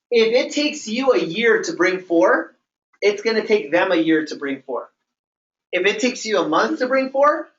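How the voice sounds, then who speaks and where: A man's voice: high voice, a bit bright. A man running a training session for a group, explaining plans in a repetitive, emphatic way and checking in with "okay?" often. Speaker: business trainer. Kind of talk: motivational training talk to a group. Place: meeting room with a live audience. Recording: roomy, distant, dull sound.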